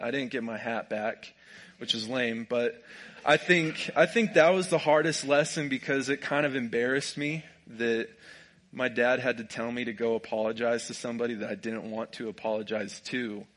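A young man with a drawl, telling a personal story in a relaxed, jokey way and laughing often. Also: mid-range voice, normal speed. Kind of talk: casual storytelling.

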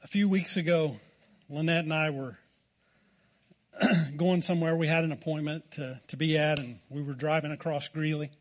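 A man's voice: fairly high pitch, fairly even intonation, moderate pace. A man with an American accent preaching a sermon, telling a folksy, self-deprecating story. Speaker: pastor.

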